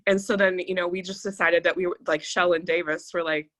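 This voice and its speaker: Bright-voiced woman chatting on a podcast. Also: on the low side, fairly even intonation, brisk. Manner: rambling, reflective, many fillers. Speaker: podcast co-host. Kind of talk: casual chat.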